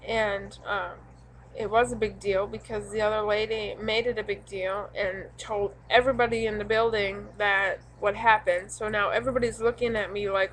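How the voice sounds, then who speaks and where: A young woman venting to camera in a halting, rambling way, full of ums, upset and frustrated. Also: medium pitch, flat delivery, fairly bright tone, a little hiss or hum, low-quality recording. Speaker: vlogger.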